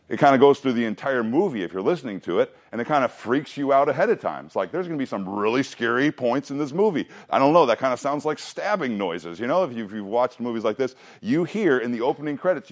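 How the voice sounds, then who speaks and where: A man with a medium-pitched, expressive voice speaks fast while leading a Bible study. He teaches conversationally, poses questions to the room, cracks jokes and restarts his sentences.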